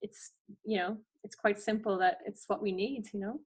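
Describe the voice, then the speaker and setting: A woman's voice: medium pitch, normal speed, breathy edge. A woman guest speaks in a mid-range voice, chatty and enthusiastic. She keeps restarting her sentences as she goes. She is heard over a remote call. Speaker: guest, forest therapy practitioner. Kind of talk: casual conversational interview.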